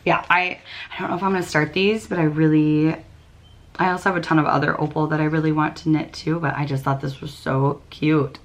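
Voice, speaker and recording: A woman's voice: deep voice, flat delivery, fairly quick. A young woman hosting a knitting podcast, chatting casually with many ums and little laughs. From United States. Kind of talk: casual chat.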